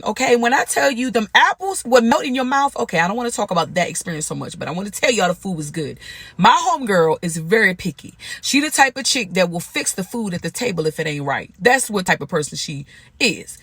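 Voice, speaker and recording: Brief: young adult woman, casual vlog storyteller, animated and slangy, dry close sound. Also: mid-range voice, dry recording. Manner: animated, chatty, slangy, quotes people in lively voices. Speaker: vlogger and comedian motivator.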